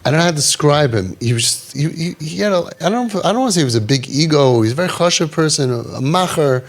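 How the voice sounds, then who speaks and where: A man's voice: on the high side, fast talker. A man counseling parents in a group, talking animatedly, repeating phrases and acting out what people say. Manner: animated, repeats himself, acts out quoted people. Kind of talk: advice talk to parents.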